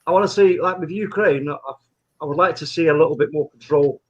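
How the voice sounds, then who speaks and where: A man's voice: a little high, fast talker, slightly rough, highs cut off. A man giving his view on a football match, thinking aloud with stammering restarts. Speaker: watchalong guest. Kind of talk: casual football talk.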